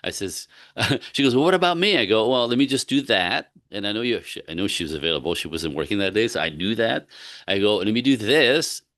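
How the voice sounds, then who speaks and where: A fairly low-pitched man talks with the dry, close sound of a podcast mic. He tells stories with animation, jumping into different voices to act out both sides of a conversation. He is a relationship coach in casual chat. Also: a little fast, dry recording. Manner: animated storytelling, acts out both sides of dialogue.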